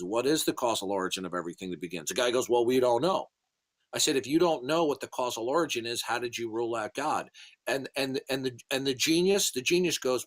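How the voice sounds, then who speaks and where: A man of middle pitch holds forth in an online voice chat. He lectures in a scornful, repetitive way and has the hiccups. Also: a bit bright. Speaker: Christian apologist in voice chat. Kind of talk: casual voice chat monologue.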